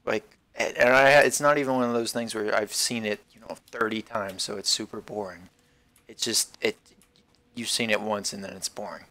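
A man's voice: on the low side, fairly even intonation, moderate pace, sharp tone. A man giving casual let's-play commentary while gaming, rambling and wisecracking with plenty of swearing. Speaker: gameplay commentator.

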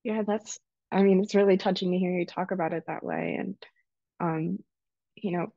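A woman interviewing a guest, soft-spoken and hesitant with many fillers. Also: mid-range voice, fairly even intonation, normal speed, creaky, dry recording, lo-fi sound. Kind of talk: casual interview.

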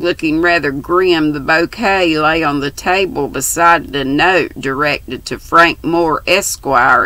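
A woman in her sixties reads a classic novel aloud with a steady storytelling voice. Her tone is bright and gravelly, and the recording is dry and close. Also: no echo, poor audio. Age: 60s. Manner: steady storytelling voice, lifting pitch for girls' dialogue. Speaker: audiobook reader.

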